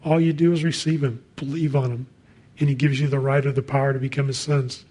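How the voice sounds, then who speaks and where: A man's voice: mid-range voice, level tone, fairly quick, mellow, husky. A man preaching a sermon in a conversational way, reading scripture and adding casual asides.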